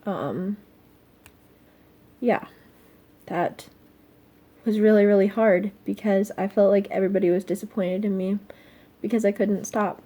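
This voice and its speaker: A teenage girl speaking in a personal confessional vlog, soft and halting, full of fillers, sounding upset. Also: medium pitch, fairly even intonation. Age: teens. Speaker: vlogger.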